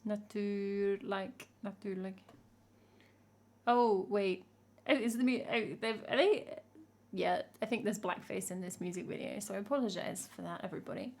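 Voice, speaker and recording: Woman from England, young adult, live-stream host, casual chat, wry asides, mid-pitched voice. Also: a little fast, vocal fry, darkish tone, husky. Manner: chatty, wry, jokey asides. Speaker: streamer and singer-songwriter.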